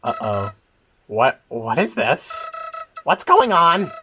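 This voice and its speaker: A woman's voice: on the low side, wildly swooping pitch, slow pace, sharp tone, slight background noise, full character voice. A woman voicing a scheming, vicious male talking flower who bosses and sneers. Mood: sneering. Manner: bossy, sneering, scolding.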